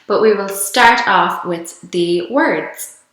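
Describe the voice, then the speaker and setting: Slow-spoken Irish woman, bright voice. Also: medium pitch, roomy sound. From Ireland. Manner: chatty, laughs often between words. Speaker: vlogger. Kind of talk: casual vlog, reading a word list.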